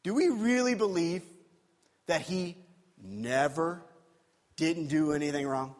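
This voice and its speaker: A man's voice: fairly high pitch, lively intonation, normal speed, darkish tone, big-room sound. A man, a pastor, preaching a sermon in a conversational way, asking his listeners rhetorical questions.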